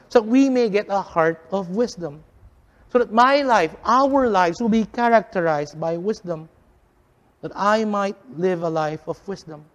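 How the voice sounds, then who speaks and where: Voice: mid-range voice, in a large hall. Emphatic preacher with dramatic volume swings. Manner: addresses the listeners as friends. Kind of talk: sermon.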